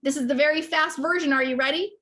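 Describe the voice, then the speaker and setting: High-pitched woman coach, bright voice, super passionate and emphatic. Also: fast talker. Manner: passionate, emphatic, repeats "okay?". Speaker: business coach. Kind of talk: motivational talk to camera.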